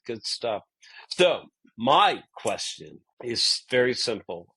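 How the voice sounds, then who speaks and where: A man talking as a guest in a casual conversation, upbeat and giddy from lack of sleep, halting with restarts and fillers. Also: mid-range voice, big pitch swings, sharp tone, slightly rough, no room sound, low-quality recording. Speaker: guest musician.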